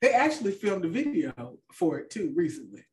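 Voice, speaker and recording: A woman's voice: fairly low pitch, very animated, fairly quick, darkish tone, far from the mic. A woman co-hosting a podcast in casual chat, talking loosely with fillers and trailing off. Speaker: podcast co-host.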